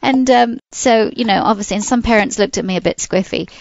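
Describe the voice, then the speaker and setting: A British woman hosts a podcast in a lively, chatty way. Her voice sits in an ordinary middle range. The recording is dry and a little dull. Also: mid-range voice, gravelly, no echo. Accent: British English. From England. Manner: chatty and enthusiastic, quick bursts of excitement. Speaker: podcast host. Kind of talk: casual podcast chat.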